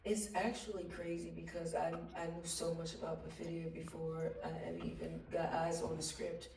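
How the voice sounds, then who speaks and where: A woman on a panel telling a lively, slangy anecdote, laughing often and mimicking others' voices. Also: on the low side, moderate pace, creaky. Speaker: actress on a panel. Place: stage at a theater Q&A. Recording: roomy hall, distant mic, faint noise.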